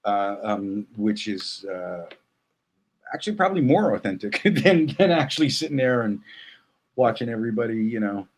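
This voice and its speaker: A man speaking as a guest in a casual interview, thoughtful and halting, with many fillers and restarts. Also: lowish voice, very animated.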